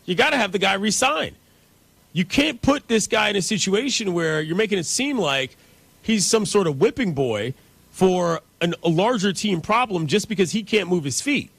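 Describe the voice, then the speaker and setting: A male sports radio host with a notably high voice gives brisk, opinionated takes. The sound is dry and close, with no room around it. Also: lively intonation, gravelly, a bit bright, slightly rough, no echo.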